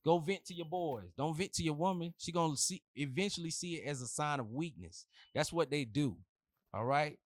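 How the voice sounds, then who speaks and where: A man's voice: fairly high pitch, dry recording, studio quality. Blunt slangy man giving dating advice. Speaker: relationship advice host. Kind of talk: casual advice monologue.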